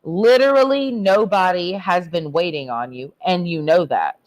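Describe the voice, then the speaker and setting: A woman's voice: fairly low pitch, moderate pace. A woman livestreaming a blunt, crude, rambling rant while tipsy from drinking. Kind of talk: profane ranting livestream monologue.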